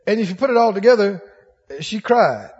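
A man's voice: high voice, background noise. A male preacher giving an emphatic, rousing sermon in a church and asking the congregation questions. The recording is dull, with long church reverb.

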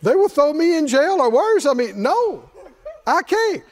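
A man's voice: very high voice, big pitch swings, measured pace, voice pushed up, heavily acted. A man preaching plays a reluctant older male prophet who stammers and makes nervous excuses. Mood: pleading.

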